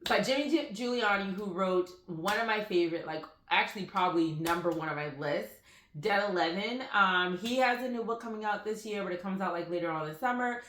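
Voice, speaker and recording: Woman, book vlogger, rambling chatty storyteller, bright voice, echoey room. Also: mid-range voice, fairly quick, slight background noise. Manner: rambling, animated storytelling with frequent fillers. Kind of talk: casual chatty book haul vlog. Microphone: phone.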